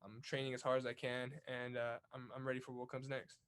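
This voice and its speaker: A man's voice: mid-range voice, monotone, a little fast, fairly bright tone, clear, resonant tone. A young man from California's Central Valley, a boxer talking earnestly as a guest in a casual interview, often repeating words as he goes. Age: young adult.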